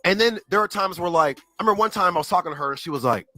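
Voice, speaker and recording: A man rambling through casual livestream chat, his pitch leaping up and down as he piles on slang and fillers. His voice is bright and forward, recorded dry and close. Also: expressive, very fast, no echo, faint music behind, low-quality recording. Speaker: livestream regular reading chat.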